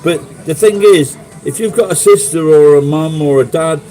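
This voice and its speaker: A man's voice: a little high, normal speed, warm tone, poor audio. Sweary Sheffield man telling stories. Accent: Sheffield English. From England. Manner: rambling, sweary storytelling. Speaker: livestream host. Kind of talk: casual live chat.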